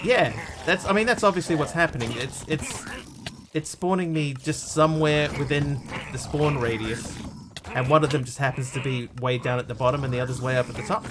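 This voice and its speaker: A man's voice: fairly high pitch, brisk, background noise. A man live-streaming a video game, chatting in a scattered way, yelping and thanking viewers as he plays.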